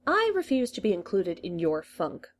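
A woman reading aloud plays a proud, scheming male Time Lord in a storybook reading. He coaxes and teases in a fairly low voice, and he boasts about himself. The delivery comes across as a reader's light take on the part. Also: wildly swooping pitch, moderate pace. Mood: teasing. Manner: coaxing, teasing and boastful.

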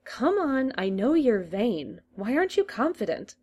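A woman's voice: fairly high pitch, big pitch swings, unhurried, darkish tone, husky, voice pushed up, heavily acted. A woman reading a story aloud, voicing a scheming male Time Lord who coaxes, teases and boasts. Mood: teasing. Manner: coaxing, teasing and boastful.

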